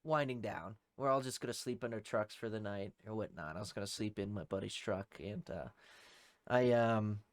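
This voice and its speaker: A man's voice: fairly low pitch, normal speed, dry recording. Swearing young man telling a story. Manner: heavy swearing, acts out shouted quotes. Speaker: podcast co-host. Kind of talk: casual storytelling.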